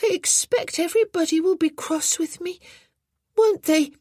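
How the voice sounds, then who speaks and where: A woman voicing a small, stubborn young boy who turns remorseful, with a high, eager and insistent manner in an audiobook. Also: moderate pace, a little mellow, dry recording, clean studio sound. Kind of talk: audiobook character voice.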